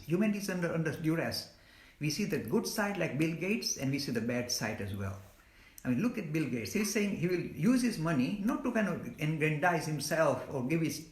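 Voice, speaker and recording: A man appears as a live-stream guest, speaking with earnest passion and fielding questions in an emphatic, scolding tone with frequent repeated words. He sounds a little high, and the room is echoey.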